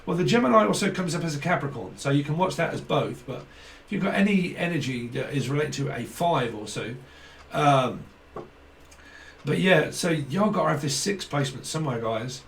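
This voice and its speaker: A man rambles through a loose tarot reading, swearing freely and laughing as he goes. His voice sits a touch high. He is heard from a little way off the mic, with a faint hiss underneath. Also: expressive, moderate pace, gravelly, recorded from a distance. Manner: rambling, profane, laughing often. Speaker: tarot reader. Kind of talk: casual channelled tarot reading.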